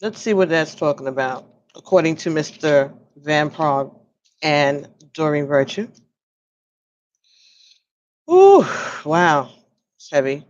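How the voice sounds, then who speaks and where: A woman giving an oracle card reading on a livestream, musing slowly and pausing as if listening for messages. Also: deep voice, big pitch swings, a little mellow, muffled recording. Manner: slow, musing, pauses to listen.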